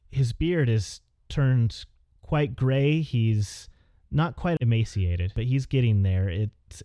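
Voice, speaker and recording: A man's voice: medium pitch, warm tone, dry recording, clean studio sound. A man running a tabletop game as game master, narrating in a meandering way with many fillers.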